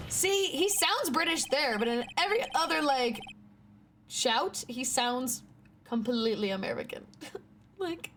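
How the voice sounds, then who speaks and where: A woman's voice: sits high, lively intonation, a little slow, fairly bright tone. Giggly young woman streamer. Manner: giggly, casual, swears freely. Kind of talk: live game playthrough with commentary. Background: game music.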